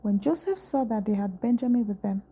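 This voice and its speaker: A woman reading scripture aloud at a steady, unhurried pace. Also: medium pitch, husky. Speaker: scripture reader.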